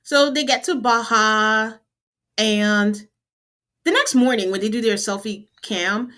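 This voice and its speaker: Woman host, animated recapper who acts out the quotes, slightly higher voice. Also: takes it slowly. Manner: animated storyteller, acts out what people said. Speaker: podcast host. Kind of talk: casual chat recapping a reality show.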